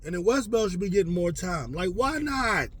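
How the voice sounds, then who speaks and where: A man hosting a casual sports talk show, ranting in an animated, profane, rambling way with lots of fillers. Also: high-pitched, moderate pace. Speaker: sports commentator host.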